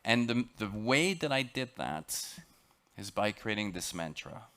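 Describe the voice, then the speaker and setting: A man with a French accent giving a dramatic, emphatic storytelling lecture aboard a ship, sometimes halting and repeating words. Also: on the low side, big pitch swings, sharp tone. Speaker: expedition lecturer.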